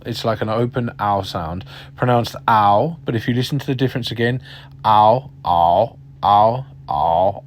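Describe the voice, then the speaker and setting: A man giving a casual beginner lesson, chatty and self-correcting, drilling syllables aloud. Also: on the low side. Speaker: language teacher.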